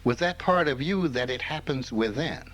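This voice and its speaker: A man's voice: medium pitch, lively intonation, moderate pace, fairly bright tone, slight background noise, low-quality recording. An older man from rural Mississippi gives an informal spiritual talk, telling stories in a folksy way and chuckling often. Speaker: spiritual teacher.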